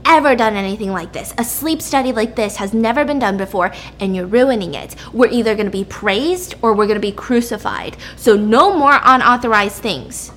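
A woman's voice: a little high, normal speed, few pauses, fairly bright tone, a little hiss or hum, natural voice. Brief: woman voicing an irate senior doctor, stern and scolding. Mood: angry. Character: angry older male head doctor.

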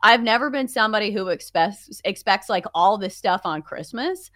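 A woman's voice: mid-range voice, animated, normal speed, fairly bright tone, no echo, studio quality. A young woman co-hosting a sports podcast, chatting in a wry, easygoing way and filling her talk with "like". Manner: chatty, heavy use of "like", wry. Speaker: sports betting podcast co-host. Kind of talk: casual chat.

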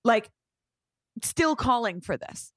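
Animated woman telling a story. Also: a little high, slow, no echo, studio quality. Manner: animated, swears casually, acts out quotes. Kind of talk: casual storytelling chat.

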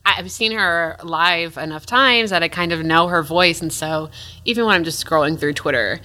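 A woman's voice: fairly low pitch, normal speed, sharp tone. A woman co-hosting a podcast, talking in a casual, enthusiastic and easygoing way. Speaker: podcast co-host.

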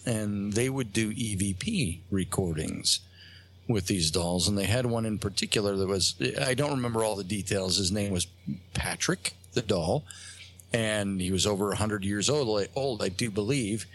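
A man with a fairly low voice, a talk show guest telling a long personal anecdote. He talks in a halting, rambling way, full of pauses and restarts, and slips into the voices of the people he quotes. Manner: halting, many fillers and restarts, acts out quotes.

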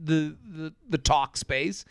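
Gravelly-voiced chatty man, dry mic. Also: fairly high pitch, slow pace, no room sound. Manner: rambling, lots of fillers and restarts. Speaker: comedian and podcast guest. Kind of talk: casual podcast chat.

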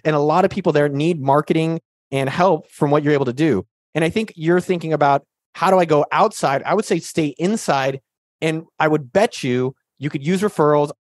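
A man's voice: fairly high pitch, darkish tone, no echo, studio quality. A man hosting a podcast, answering listener questions in a casual, jokey, slangy way. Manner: jokey and slangy, full of banter. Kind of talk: casual, hyped Q&A talk.

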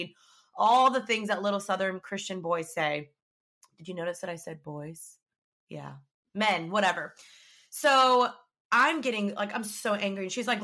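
A woman's voice: medium pitch, expressive, normal speed, bright, forceful tone. A young woman hosting a podcast, chatting casually and animatedly retelling her story with quoted back-and-forth. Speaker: podcast host.

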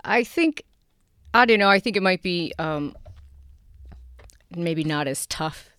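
Woman, Queens accent, interview guest, laughs a lot, fairly low voice, dry close mic. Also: lively intonation, slow, fairly bright tone, clear, resonant tone, dry recording. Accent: New York (Queens). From Queens, New York. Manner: chatty, laughs often, many restarts. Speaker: guest actress. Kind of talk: casual interview chat. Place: studio. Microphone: studio mic.

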